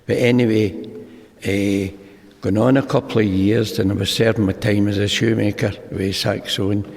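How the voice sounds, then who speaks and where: Older Scottish man, gravelly, echoing hall. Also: fairly low pitch, steady tone, moderate pace, a little mellow. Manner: rambling storyteller who acts out the dialogue. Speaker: speaker sharing at a recovery meeting. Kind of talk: personal testimony talk. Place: large meeting hall. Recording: long hall reverb.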